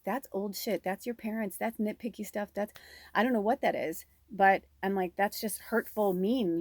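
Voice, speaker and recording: A middle-aged woman with a mid-range voice gives a casual spiritual card reading as a tarot reader, recorded with clean studio sound and no echo. She's chatty and frank, swearing now and then and acting out quarrels.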